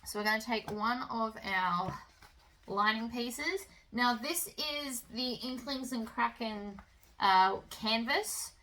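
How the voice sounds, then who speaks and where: A woman hosting a sewing tutorial, talking through each step in a relaxed, chatty way with the odd um and uh. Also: on the high side, slow, a little hiss or hum, poor audio. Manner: relaxed, chatty instruction with fillers.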